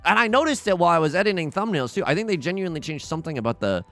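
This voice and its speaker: A young man commentating his own game as he plays, anxious and pleading, often begging out loud and exclaiming. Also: on the high side, animated, racing, faint music behind. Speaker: let's play host. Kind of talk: live gameplay commentary.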